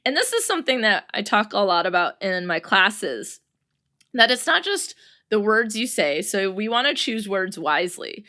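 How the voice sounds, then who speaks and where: A woman's voice: medium pitch, big pitch swings, normal speed, sharp tone. A woman hosting a solo podcast, talking in a chatty, upbeat way, reading out quotes and laughing often. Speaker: podcast host. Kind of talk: solo podcast talk on friendship.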